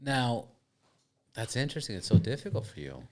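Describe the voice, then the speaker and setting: A man's voice: mid-range voice, sing-song, normal speed, heavy background noise. A man hosting a casual podcast interview, easygoing, chiming in often and laughing along. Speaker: podcast host.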